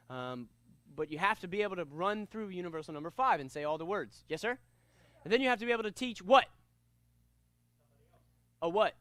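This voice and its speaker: A man teaching a kids' karate class, energetic and upbeat, leading commanding call-and-response drills. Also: high-pitched, no room sound. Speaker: karate instructor.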